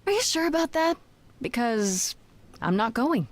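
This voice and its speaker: A calm, determined young muse. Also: female voice, fairly high pitch, measured pace. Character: determined young woman muse, patient and direct. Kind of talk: voiced game dialogue.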